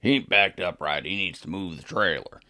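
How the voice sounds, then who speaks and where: A man voicing a grumpy middle-aged dock worker who talks in a curt, gruff, grudging way. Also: low-pitched, normal speed, sharp tone. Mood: grumbling.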